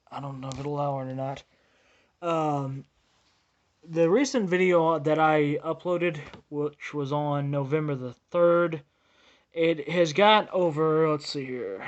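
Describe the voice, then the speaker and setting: Man, slightly high voice, earnest, rambling vlog host, dull lo-fi recording. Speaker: channel host. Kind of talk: casual vlog update.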